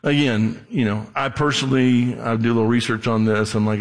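Guy preaching, kinda gravelly voice, chatty sermon style, big echoey church hall. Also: mid-range voice, level tone, brisk. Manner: conversational preaching, acts out Bible scenes. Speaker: pastor.

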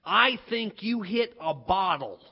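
A man's voice: high voice, animated, takes it slowly, breathy edge, muffled recording, pitched below the performer's own voice, exaggerated voice. A man voicing a skeptical young schoolgirl who questions everything. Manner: doubtful, questioning.

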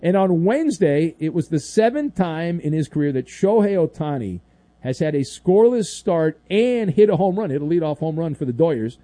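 A man's voice: on the high side, lively intonation, normal speed, mellow, no room sound. Playful man hosting sports radio. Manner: playful, exasperated banter. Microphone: studio microphone.

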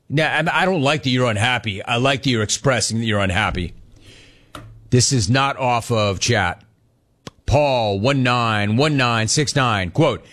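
A man in his forties from Los Angeles hosting a sports talk show, telling rambling stories and reading live chat. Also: mid-range voice. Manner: animated, rambling storytelling, repeats phrases.

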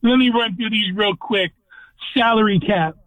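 A man's voice: high-pitched, normal speed, no room sound. A man calling in to a sports radio show, ranting bluntly with strong opinions. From California. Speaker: caller. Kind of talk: call-in radio talk. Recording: dry tinny phone line.

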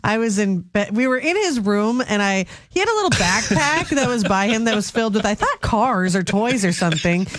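A woman's voice: mid-range voice, big pitch swings, brisk, hardly any pauses, no echo. A young woman co-hosting a morning radio show, telling family stories in casual banter and acting out the voices of others. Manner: chatty storyteller, acts out shouted quotes.

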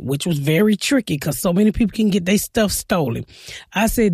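A woman stand-up comedian talks bluntly through her stories, acting out her own side of old conversations. Her voice has a gravelly edge. The sound is close and dry. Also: mid-range voice, brisk, no room sound. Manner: blunt, storytelling, quotes herself in animated bursts. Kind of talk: casual interview talk.

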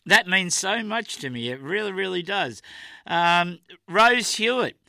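Aussie radio bloke, middle-aged, chatty and rambly, voice sits a bit high. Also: male voice, lively intonation, measured pace, gravelly, no echo. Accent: Australian. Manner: chatty, warm-hearted, rambling with fillers. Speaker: radio host. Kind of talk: casual radio chat.

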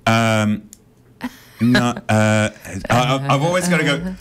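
A man's voice: medium pitch, animated, slow, fairly bright tone. A man hosting a radio show, bantering in a playful, joking way in the studio. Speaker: radio host.

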